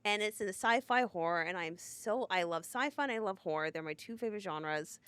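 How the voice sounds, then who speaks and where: A woman's voice: medium pitch, expressive, a little fast, fairly bright tone, clear, resonant tone, no echo. A woman guest on a casual podcast chat, talking in an enthusiastic, emphatic way. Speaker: podcast guest, wine bar owner.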